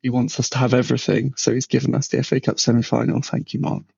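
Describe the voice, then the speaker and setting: A man co-hosts a podcast, spinning animated, mocking anecdotes. His voice is gravelly with a lot of fry. The sound is dry and a little dull, like a basic podcast mic. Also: medium pitch, fast talker, dry recording. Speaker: podcast co-host. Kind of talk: casual storytelling chat.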